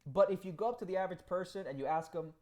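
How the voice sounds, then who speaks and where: A man chatting on a live stream, reading out comments and talking in an animated, profane way with frequent laughs. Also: high voice, very fast. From Cuba.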